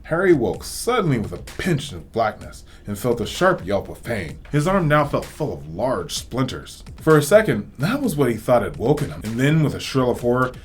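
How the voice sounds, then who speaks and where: A man reading a storybook aloud as host, with expressive, varied delivery. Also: medium pitch, moderate pace, hardly any pauses, soft background music. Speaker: reader, host.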